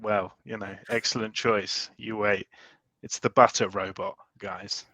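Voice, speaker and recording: A man's voice: on the low side, level tone, pushed and bright, no echo. A British man co-hosting a casual chat about comics, joking and laughing often. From Britain. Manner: laughing, joking, quick banter. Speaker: podcast co-host.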